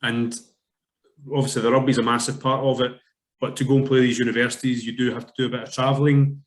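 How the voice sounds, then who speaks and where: A man's voice: mid-range voice, little pitch movement, fast. A man interviewing a student player, asking friendly, encouraging questions. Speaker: interviewer, program founder. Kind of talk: casual interview.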